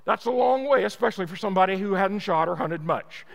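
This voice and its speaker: A man voicing a seasoned male professional hunter who gives calm, firm instructions. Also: high-pitched, fast talker, gravelly, big-room sound.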